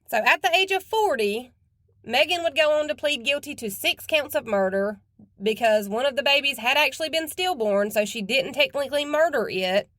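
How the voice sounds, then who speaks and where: A woman's voice: fairly high pitch, fairly bright tone, no echo, studio quality. A woman hosting a true crime podcast, talking in a blunt, chatty and casual way with some cursing. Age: adult with children.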